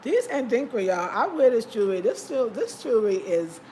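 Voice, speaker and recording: A woman hosting a casual vlog, talking in an expressive, emphatic way and laughing often. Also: fairly high pitch, fairly quick, slight background noise, rough recording. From United States. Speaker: vlog host.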